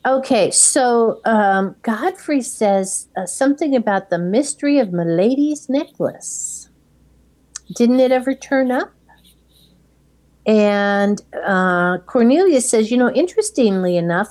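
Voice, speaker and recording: Woman calmly summarizing a film plot. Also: a little high, slow. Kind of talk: casual chat retelling a film.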